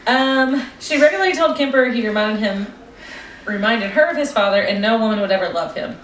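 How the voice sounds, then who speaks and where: A woman's voice: on the high side, animated, a little fast, fairly bright tone, distant mic. A young woman co-hosting a casual true-crime podcast, reading her notes aloud and breaking into giggles and stumbles. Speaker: podcast co-host. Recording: roomy echo, voice off-mic, faint room noise.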